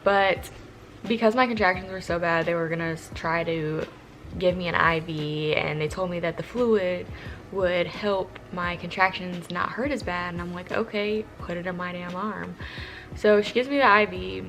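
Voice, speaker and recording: A woman's voice: fairly low pitch, normal speed. A young woman vlogger casually telling a candid, profane story to the camera. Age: young adult. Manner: candid, profane, animated retelling.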